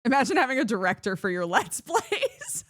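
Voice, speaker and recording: Animated woman streamer with lively pitch. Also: moderate pace, no room sound, clean studio sound. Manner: animated, laughs often, reads chat aloud. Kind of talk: casual chat with viewers.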